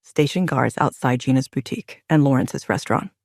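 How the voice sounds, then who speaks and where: In an audio drama, a woman voices a young male werewolf alpha who is protective and self-assured, pitching her voice very low, firm and steady. The delivery is calm and charming, a little fast, recorded close and dry with no room sound or echo.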